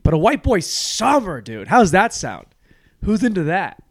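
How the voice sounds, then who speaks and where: A man delivering a profane, rambling comedy monologue in a slightly raised voice. His pitch leaps around in an animated way as he riffs. The sound is dry and close to the mic. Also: a little slow, no echo.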